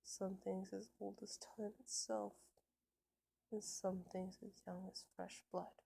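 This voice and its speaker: A woman voicing a calm, ominous, faceless male creature in an amateur fan story reading, in a hushed, breathy, slow delivery. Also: mid-range voice, heavily acted.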